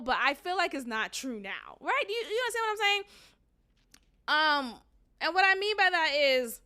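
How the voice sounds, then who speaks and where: Bright-voiced, blunt, laughing woman host. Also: high voice. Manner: blunt, swears freely, laughs often; rambling with many fillers and restarts. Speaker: podcast host. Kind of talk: casual solo podcast commentary.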